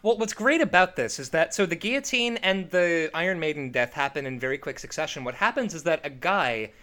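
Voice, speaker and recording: A man co-hosting a podcast, reviewing a film in casual, profane, animated chat with frequent laughter. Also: on the high side, fairly quick. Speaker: podcast co-host.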